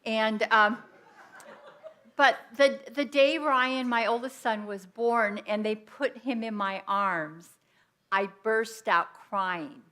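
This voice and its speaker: A middle-aged woman minister giving a sermon, telling personal stories in an animated way with quoted asides. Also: fairly high pitch, takes it slowly.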